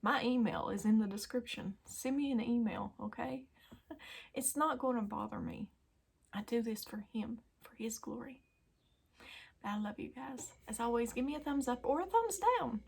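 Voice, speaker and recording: A woman hosting a daily devotional video, talking earnestly and emotionally to her viewers and often dropping to a soft whisper. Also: on the high side, normal speed, creaky, slightly rough. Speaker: Christian YouTube devotional host.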